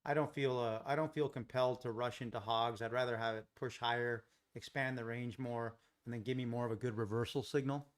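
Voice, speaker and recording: An American man from Los Angeles hosts a live trading stream, speaking at medium pitch in a steady tone, a little fast with few pauses. He chats casually, thinks aloud, and answers viewers in the chat.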